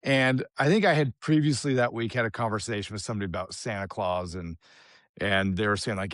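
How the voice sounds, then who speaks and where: A middle-aged man co-hosting a podcast, telling a family story in an animated, self-deprecating way. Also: on the low side, fairly quick, no room sound, studio quality. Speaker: podcast co-host.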